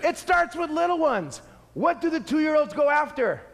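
A man preaching a sermon, animated and acting out little scenes. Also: very high voice, moderate pace, creaky, long reverb tail.

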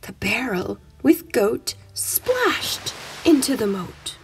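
A woman's voice: on the high side, lively intonation, slow, faint music behind. A woman reading a picture book aloud to children in a playful, rhythmic, sing-song way. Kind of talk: expressive children's story read-aloud.

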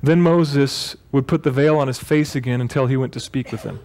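A man's voice: mid-range voice, a little fast, darkish tone. A man preaching a sermon as pastor, talking in a loose, joking way and often correcting himself mid-sentence. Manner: conversational and joking, with self-corrections. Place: church.

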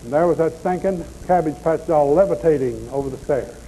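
A man's voice: a little high, a little fast, mellow, a little hiss or hum, rough recording. Folksy, blunt male preacher. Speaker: deliverance preacher. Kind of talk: sermon.

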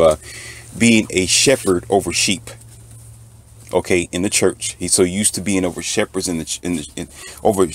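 A man, monologuing to his channel's viewers in a preachy storytelling way, repeating "okay" again and again. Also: sits low. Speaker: channel host.

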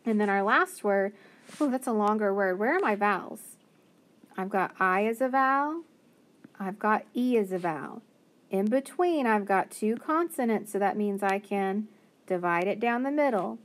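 A woman's voice: mid-range voice, expressive. A woman teacher giving a phonics lesson to young children, patiently sounding out each word. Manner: slow, patient, sounding out words.

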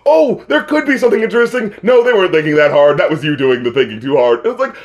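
A man co-hosting a casual music review chat, animated and incredulous, laughing often and swearing. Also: a little high, fast. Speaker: co-host of a music review show.

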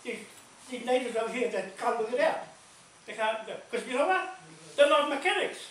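An expressive man with an extremely high, somewhat bright voice tells animated stories at a moderate pace in a large meeting hall during a community gathering. He stresses and repeats his points, laughing in between, captured from afar in an echoey room with faint noise.

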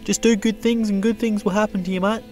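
A man voicing a scruffy bushman in an adult cartoon, with a slow, crude drawl. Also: sits high, little pitch movement, darkish tone, faint music behind, close to an everyday voice. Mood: laid-back. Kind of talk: adult animated comedy voice acting.

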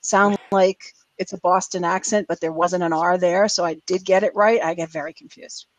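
A woman's voice: lowish voice, steady tone, no echo, poor audio. Chatty woman with a Massachusetts–New York accent. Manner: chatty, laughs easily, spells words out slowly. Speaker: host. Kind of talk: casual web panel chat.

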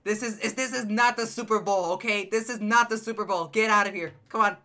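Excitable bright-voiced male game streamer. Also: high-pitched, fairly quick. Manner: excitable, loud reactive outbursts; addresses chat directly, playful teasing. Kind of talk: live gameplay commentary.

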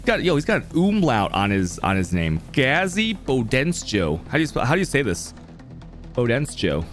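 Rambling young streamer guy, lively pitch. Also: moderate pace, soft background music. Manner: rambling, laughing, filler-heavy talk. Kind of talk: casual live-stream chat.

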